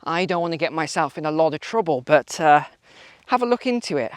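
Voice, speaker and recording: A man's voice: on the high side, lively intonation, a little fast, dry recording. A man hosting a walking vlog outdoors, talking in a sarcastic, mocking way. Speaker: vlog host. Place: outdoors on a walk.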